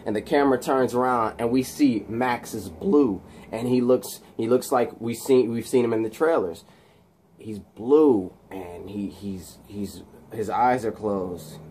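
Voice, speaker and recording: A man casually retelling a film scene by scene, halting and restarting his words. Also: medium pitch, a little mellow, slight background noise.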